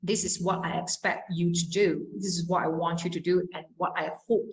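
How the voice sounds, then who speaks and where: Young Malaysian woman, English tutor, lowish voice, coaches and demonstrates words. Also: steady tone, moderate pace, poor audio. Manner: switches into Mandarin to explain, models pronunciation. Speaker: English teacher. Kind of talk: exam-prep lesson.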